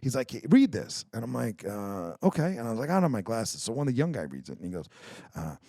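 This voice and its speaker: A middle-aged man hosting a podcast, telling a long story in casual chat, animated, swearing and laughing. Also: medium pitch, fast, no echo, clean studio sound. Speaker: podcast host.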